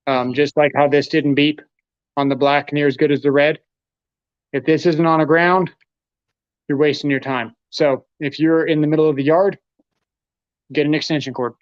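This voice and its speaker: A man's voice: medium pitch, dry recording. Chatty man in a dull lo-fi livestream. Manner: casual, chatty, talks while handling gear. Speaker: host demonstrating tools. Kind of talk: live tool demonstration.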